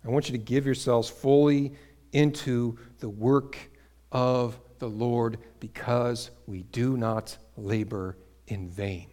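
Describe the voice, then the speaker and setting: A man preaching a sermon to a congregation, building to emphatic peaks and dropping to quiet asides, asking the listeners questions. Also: medium pitch, slow pace. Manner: energetic, rises to emphatic peaks then drops to quiet asides. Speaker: pastor.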